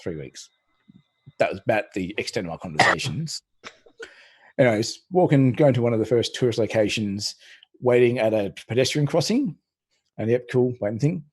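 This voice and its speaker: A man's voice: mid-range voice, animated, moderate pace, husky. A man, a co-host from Australia, chatting casually and telling a rambling travel story. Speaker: stream co-host. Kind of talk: casual chat.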